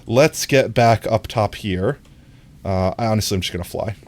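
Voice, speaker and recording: A live streamer in casual gameplay chat, playful and giggly, often jumping into a squeaky high voice, talking into a desk microphone. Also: normal speed, slight background noise.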